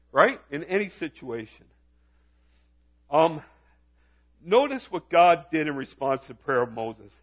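Male pastor, high voice, emphatic sermon style, muffled lo-fi sound. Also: slightly rough. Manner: emphatic, repeated rhetorical questions.

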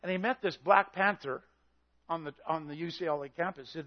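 A man preaches with fiery intensity, his voice sitting high for a man. He shouts his points and acts out the story's characters as he goes. The recording sounds dull and slightly lo-fi. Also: fast talker. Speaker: pastor. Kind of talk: sermon.

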